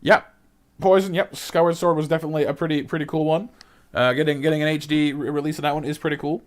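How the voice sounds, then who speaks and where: A man's voice: on the high side, steady tone, fast talker. A man streaming a game, casually and cheerfully greeting viewers in chat. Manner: friendly greetings to chat, upbeat.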